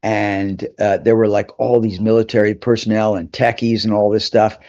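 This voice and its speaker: Low-voiced man telling a story over lo-fi audio. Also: normal speed. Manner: lively storyteller acting out quoted voices. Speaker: guest actor. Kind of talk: anecdotal storytelling in a live interview.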